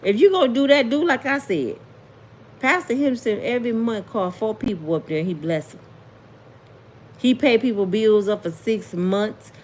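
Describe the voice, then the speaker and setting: A woman's voice: on the high side, expressive, normal speed, a little mellow, a little hiss or hum. Indignant woman preaching her opinions. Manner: preachy, indignant, rhetorical questions, colloquial. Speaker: commentary vlogger. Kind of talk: casual commentary monologue.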